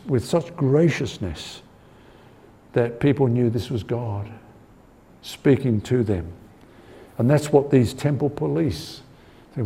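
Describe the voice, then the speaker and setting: Long hall reverb surrounds a man of medium pitch and warm tone as he teaches a Bible-study sermon in a conversational way. He keeps checking that listeners agree, speaks with earnestness, and repeats words mid-thought.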